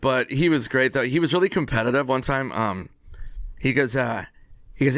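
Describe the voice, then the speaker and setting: A man's voice: medium pitch, normal speed, a bit bright, no echo, clean studio sound. A man casually telling a story, acting out the voices of the people in it and swearing freely. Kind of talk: casual anecdote.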